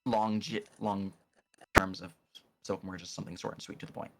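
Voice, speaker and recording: A man's voice: low-pitched, fairly even intonation, normal speed, very noisy. A man narrating a tabletop game as game master, casual and hesitant, with many fillers and restarts.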